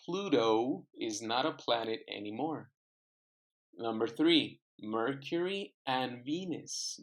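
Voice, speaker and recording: A man's voice: mid-range voice, takes it slowly. A man teaching an English class, patiently repeating words and phrases for his students to echo. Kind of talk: online classroom lesson.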